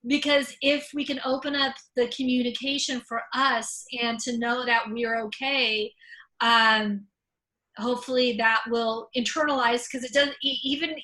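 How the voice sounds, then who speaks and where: A woman's voice: high voice, bright, forceful tone, poor audio. A woman, an author and comedian, talking frankly and with humor over a video call, with a stutter that repeats the first sounds of words. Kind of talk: conversational talk.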